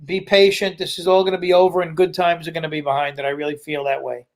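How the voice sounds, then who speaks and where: A man's voice: fairly high pitch, little pitch movement, fast. A man, a comedian guest on a podcast, chatting casually in an easygoing way and explaining things at length. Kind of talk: casual chat.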